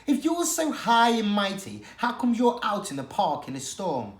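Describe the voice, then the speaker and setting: A reader putting on a tough female street cat from a children's storybook, gravelly and gruff. She fires off suspicious questions in a raised voice with lively pitch, and the room around her is echoey. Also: normal speed. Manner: gruff, challenging.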